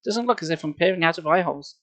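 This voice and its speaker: A man voicing a young teenage girl who is thrilled with her scary mask, reading her lines with excitement. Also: on the high side, very fast. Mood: gleeful. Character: scheming young teen girl in a monster mask.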